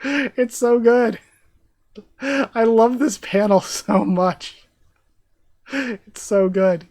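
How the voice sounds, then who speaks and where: A manga reaction streamer reading chapters aloud and reacting live in an excitable, chatty way with frequent laughs. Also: medium pitch, drawn-out words, long pauses, no room sound.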